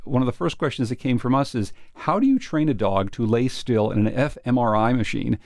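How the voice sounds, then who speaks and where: A man's voice: mid-range voice, expressive, a little fast, creaky, darkish tone, no echo, clean studio sound. A man hosting an interview, asking curious and probing questions. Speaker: interview host.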